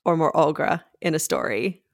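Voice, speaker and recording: A woman's voice: low-pitched, moderate pace, no echo, studio quality. A woman guest in a casual film discussion, enthusiastic and rambling with many fillers. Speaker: podcast guest.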